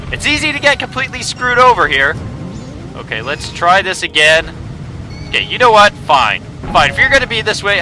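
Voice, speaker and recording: A man's voice: medium pitch, poor audio. A young man giving joking gameplay commentary, easily frustrated and laughing often. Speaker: let's play commentator.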